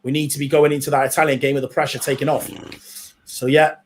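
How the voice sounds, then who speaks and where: A man's voice: a little high, level tone, fast, slight background noise. A man co-hosting a live football watchalong, chatting casually and plugging upcoming streams. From Wales. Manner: friendly promotional plugs, hesitant restarts. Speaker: watchalong co-host.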